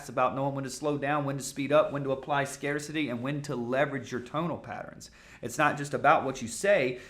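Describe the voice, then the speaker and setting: A man teaching a sales masterclass in a casual, coaching way, often bursting into loud, high-pitched practice call openers. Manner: casual, coaching, fast talk with fillers. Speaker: sales trainer.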